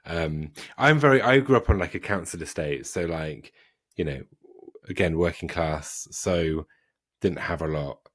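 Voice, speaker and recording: Deep-voiced southern English man. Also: unhurried, a bit bright, no room sound, clean studio sound. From Wiltshire, England. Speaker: podcast host. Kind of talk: casual podcast chat.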